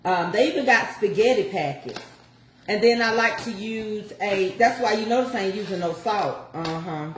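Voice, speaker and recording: A woman's voice: mid-range voice, moderate pace, a little hiss or hum. Chatty older woman cooking in an echoey kitchen. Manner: chatty, folksy, talks to viewers. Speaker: home cook showing a recipe. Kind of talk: casual cooking chat.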